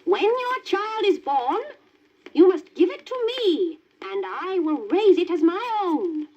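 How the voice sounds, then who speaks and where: Woman doing a shrill, menacing old witch. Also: very animated, slow pace, a little mellow, full character voice. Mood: demanding. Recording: dull worn vinyl record with faint hiss.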